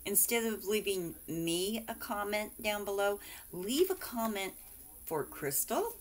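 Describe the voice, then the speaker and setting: Gushing, giggly woman with a lively voice. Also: medium pitch, unhurried. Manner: gushing, giggly, exclaims often. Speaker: vlogger showing mail from friends. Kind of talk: casual chatty unboxing.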